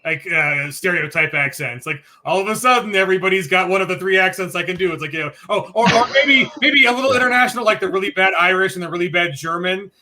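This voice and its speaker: Chatty guy hosting a stream, high bright voice, lots of ums. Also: lively intonation, quick pace, hardly any pauses. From Colorado. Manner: chatty, joking, many fillers. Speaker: host. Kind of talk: casual livestream chat.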